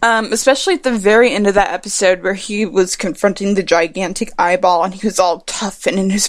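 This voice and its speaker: A woman's voice: medium pitch, steady tone, fairly quick, few pauses, no echo, studio quality. A young woman hosting a podcast alone, rambling and digressing in a casual, sarcastic, profane way while a bit tipsy. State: tipsy from drinking. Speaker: podcast host.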